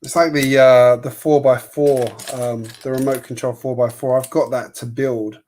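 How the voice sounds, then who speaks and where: A man's voice: mid-range voice, flat delivery, moderate pace, darkish tone, a little hiss or hum. A man hosting a livestream, chatting casually and rambling with opinions and frequent laughs while he builds. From Sydney, Australia. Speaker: livestream host building a toy kit.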